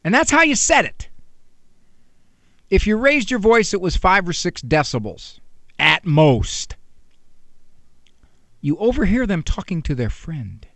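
A man's voice: sits high, sing-song, a little slow, pauses often, fairly bright tone, no echo. A middle-aged man hosting a radio talk show, chatting with a teasing tone and acting out the quotes he tells. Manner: conversational, teasing, acts out quotes. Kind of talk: animated radio monologue.

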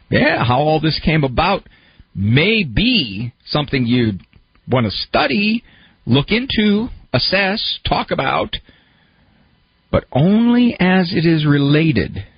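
A man with a slightly raised, husky voice speaks in a lively, rising-and-falling way, posing questions and walking through everyday examples. The recording is muffled and dry, with no room sound. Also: a little high, dry recording. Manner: talks through examples, posing questions and putting on a complaining listener's voice. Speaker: speaker on psychology and self-help. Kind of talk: conversational lecture.

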